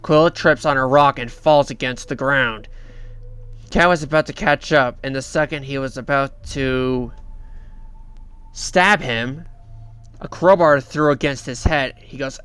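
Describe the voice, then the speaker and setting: A man hosting a reaction video, narrating a story recap in a halting way, often repeating himself and restarting. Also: medium pitch, fairly bright tone, smooth, no echo.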